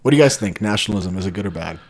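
A man's voice: low-pitched, animated, racing, a little hiss or hum. A man appearing as a podcast guest, laid-back and agreeable, chiming in with frequent yeahs. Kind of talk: casual chat.

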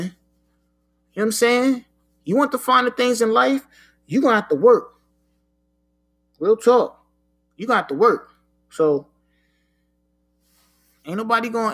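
High-voiced man talking frank street talk. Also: animated, moderate pace, pauses often, a bit bright. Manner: frank, profane street talk with frequent "you know what I'm saying". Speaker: podcast host. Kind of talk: casual solo talk.

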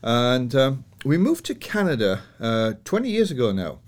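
A man's voice: medium pitch, big pitch swings, moderate pace. An older man from northern England with a Yorkshire accent, a podcast guest chatting about his life with fillers and easy laughs. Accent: Yorkshire English. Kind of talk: relaxed personal storytelling.

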